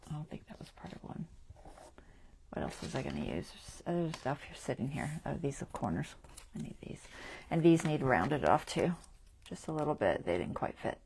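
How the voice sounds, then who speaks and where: A woman hosting a crafting livestream, chatting as she works, thinking aloud, often trailing off softly and laughing at herself. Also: low-pitched, gravelly, slight background noise. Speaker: craft channel host. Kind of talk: casual crafting livestream chat.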